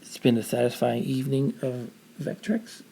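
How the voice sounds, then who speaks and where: Gravelly New York man streaming games. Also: medium pitch, moderate pace, dark tone, a little hiss or hum, rough recording. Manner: chatty, easygoing, thinks aloud as he plays. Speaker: retro game streamer. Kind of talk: casual live-stream commentary while playing.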